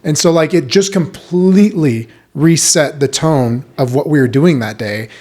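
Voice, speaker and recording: A man in his thirties hosting a podcast, chatting casually and telling his own army stories with animated retellings. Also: fairly high pitch, measured pace. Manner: animated, acts out quoted voices. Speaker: podcast host. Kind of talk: casual conversational interview.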